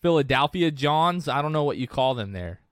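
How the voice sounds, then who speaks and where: Brisk and expressive, this co-host of a sports podcast chats in a rambling way, frequently starting his thoughts over. His voice is a little high, and the close-mic recording is dry with no echo.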